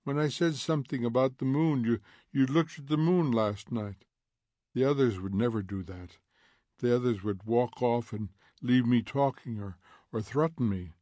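A man voicing a curious, gently odd teenage girl who talks softly and stumbles over her words. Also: medium pitch, normal speed, dry recording, lightly acted. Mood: wondering.

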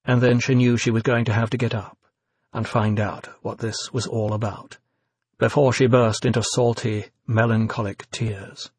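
Husky male audiobook narrator. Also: mid-range voice, level tone, dry recording. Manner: measured, descriptive storytelling.

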